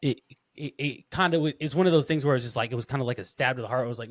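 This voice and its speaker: A man hosting a casual podcast interview, telling rambling, animated stories with lots of restarts. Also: mid-range voice, rapid-fire, dry recording, studio quality. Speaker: podcast host.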